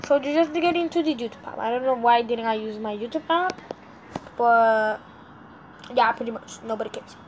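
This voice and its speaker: The recording is rough, with slight background noise, and the woman's voice sits on the high side at normal speed. She's a sleepy vlogger rambling through casual screen-recording commentary, quick to get frustrated and speaking directly to her audience.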